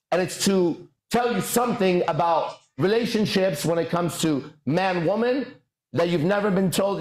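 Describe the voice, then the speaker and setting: A man's voice: on the high side, a little mellow, roomy sound. A man hosting a podcast, delivering a lecture-style monologue and checking in with the listener over and over. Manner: keeps checking in with "right?" and "okay?". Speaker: podcast host.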